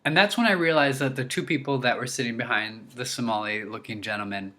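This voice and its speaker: A young man telling a story to his viewers in a casual, animated way, full of restarts, his voice leaping up when he quotes himself. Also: mid-range voice, quick pace. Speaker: vlogger.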